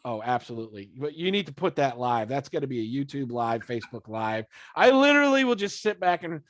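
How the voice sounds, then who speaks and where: This man speaks fairly quickly at a medium pitch while interviewing a band for a podcast in a loose, casual chat. Cursing without restraint, he laughs a lot and brings anecdotes to life by voicing the people in them.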